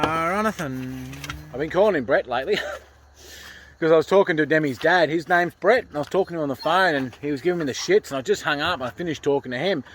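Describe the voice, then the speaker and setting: A man's voice: on the high side, slight background noise. An Australian man chatting casually about a pig hunt on a farm at night, rambling and laughing at himself. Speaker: pig hunter. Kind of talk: casual vlog chat.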